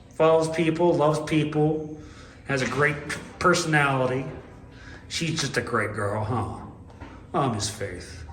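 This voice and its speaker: A man volunteering at an animal shelter, walking through the kennels at night and talking fondly to each dog, slipping into baby talk. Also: fairly high pitch. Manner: coos baby talk at the dogs. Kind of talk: casual walkthrough vlog. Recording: echoey kennel room, faint noise.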